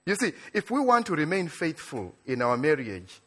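A man from Africa preaching a sermon in a church, animated, building to excited near-shouts and then dropping low and quiet. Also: moderate pace. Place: church in Australia.

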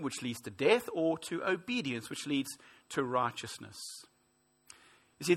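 Man in his 40s, pastor, sermon, bright voice, a touch high, emphatic. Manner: earnest, emphatic preaching with rhetorical questions.

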